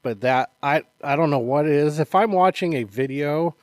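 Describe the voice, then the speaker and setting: Upbeat male co-host, fairly high voice, dry close sound, lively storyteller. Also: moderate pace, no room sound. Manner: animated storyteller, acts out quotes, laughs often. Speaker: podcast co-host, martial arts instructor. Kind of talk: casual chat.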